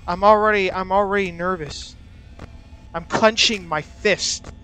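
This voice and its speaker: A man's voice: sits high, steady tone, unhurried, pushed and bright, slight background noise. A young man nervously commentating a horror game, swearing, muttering and talking nonstop to cope with fear. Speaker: gaming channel host. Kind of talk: nervous let's-play commentary. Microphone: wearing a mask over the mouth.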